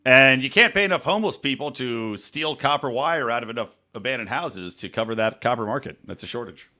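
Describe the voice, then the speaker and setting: A man hosting a podcast, telling crude, animated stories in casual banter with friends. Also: medium pitch, a little fast. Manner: animated storyteller, jokey and crude. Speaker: podcast host.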